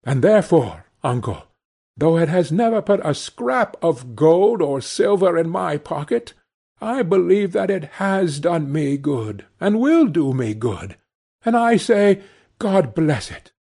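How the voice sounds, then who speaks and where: A man voicing Scrooge's cheerful, warm-hearted young nephew in an audiobook reading, speaking earnestly and with passion. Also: a little high, sing-song, unhurried, gravelly, slightly rough, voice pushed up, full character voice. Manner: earnest, impassioned.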